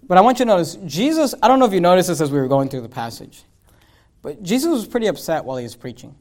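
A man with a strikingly high voice preaches with rising fervor, his lines building loud and emphatic before he drops to quiet asides. He reads scripture slowly and deliberately, drawing out the old phrasing. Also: big pitch swings. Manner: reads scripture in slow, drawn-out King James phrasing. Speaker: pastor. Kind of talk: sermon.

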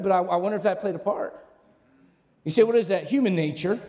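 A man delivers a sermon from the pulpit, his voice pitched high for a man. He preaches animatedly, throwing questions at the congregation and climbing to shouts. A long reverb from the hall trails each phrase. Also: fast talker. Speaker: pastor. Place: church sanctuary.

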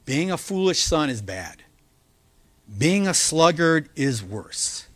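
A male pastor preaching a sermon, earnest and emphatic, slowing down to stress key words. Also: on the high side, big pitch swings, fairly bright tone, no room sound. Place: church.

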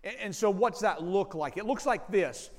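A man preaching a sermon as pastor, slow and deliberate, pausing between phrases and leaning hard on key words. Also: sits high, expressive, in a large hall.

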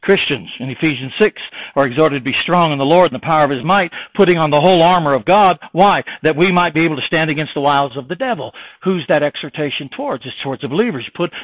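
A man's voice: animated, fast talker, no echo. A male pastor preaching an impassioned sermon, firing rhetorical questions and quoting old scripture phrasing. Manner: impassioned preaching, swinging from loud exhortation to low earnest tones. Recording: dry, tinny phone-like sound.

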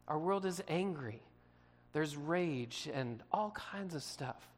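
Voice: medium pitch, in a large hall. A pastor preaching a sermon in a conversational way, asking the listeners questions and acting out short quotes.

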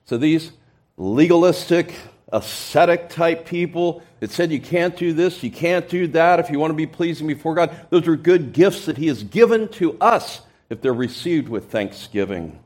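A pastor preaching an expository sermon in church, explaining scripture and stressing key words with sudden emphasis. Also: male voice, on the high side, lively intonation, moderate pace, a little mellow.

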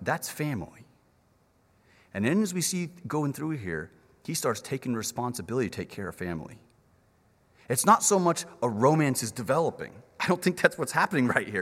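A man preaching a sermon, animated and acting out the characters' lines in little voices. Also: mid-range voice. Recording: reverberant hall.

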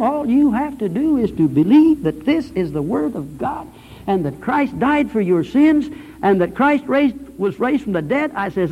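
Male radio preacher, high voice, storytelling sermon in a hall with long reverb. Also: dull audio. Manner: storytelling, quoting others, rising to fervent peaks. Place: church or hall with pulpit.

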